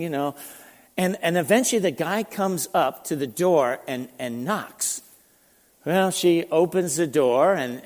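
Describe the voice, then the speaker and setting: A man preaching a sermon, telling stories in an animated, conversational way with frequent restarts. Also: on the high side, long reverb tail. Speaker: pastor. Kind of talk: sermon storytelling.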